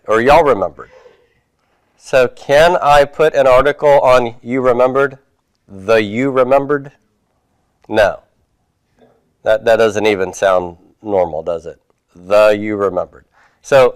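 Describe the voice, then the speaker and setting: A man's voice: mid-range voice, dry recording. Man teaching a Hebrew class. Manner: patient, asks the class questions and answers them. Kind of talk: classroom homework review.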